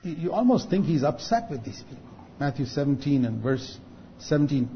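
A man preaching a sermon, building to loud, drawn-out emphasis at key points. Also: a little high, very animated. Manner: rises to loud, drawn-out emphasis on quoted rebukes. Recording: dull lo-fi recording.

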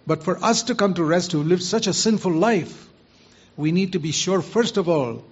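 A man's voice: sits high, lively intonation, normal speed, husky. A man preaching a sermon, earnestly putting rhetorical questions to his listeners. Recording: muffled lo-fi recording.

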